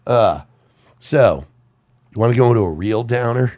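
A man hosting a casual film chat, an animated storyteller who swears and laughs often. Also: mid-range voice, moderate pace. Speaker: podcast host.

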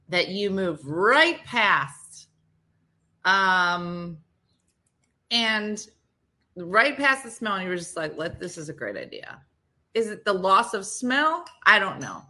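A woman's voice: medium pitch, pushed and bright. A woman co-hosting a morning radio show, chatting casually, teasing her co-host and laughing often.

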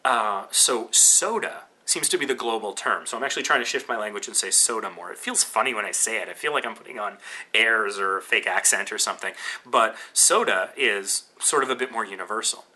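A man's voice: on the low side, brisk, bright, forceful tone. A Canadian man with a Canadian accent hosting a podcast, talking in a rambling, casual way with lots of fillers and restarts. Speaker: podcast host.

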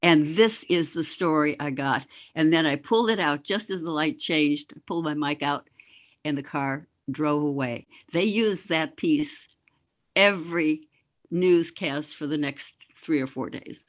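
A woman's voice: sits low, unhurried. An older woman from the Boston area, a former news anchor telling a story as a guest. She tells it vividly and mimics sounds. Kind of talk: reminiscing interview storytelling.

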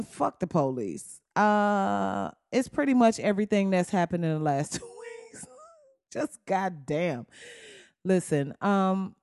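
A man hosting a casual comedic talk show, profane and animated, often slipping into quoted voices. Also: high voice, clean tone, no echo, studio quality.

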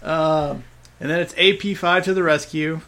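A man hosts a relaxed chat about a cartoon episode, and his voice sits a little above the usual male range. He laughs often, acts out the characters, and keeps the talk lively. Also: a little high, normal speed. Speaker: podcast host.

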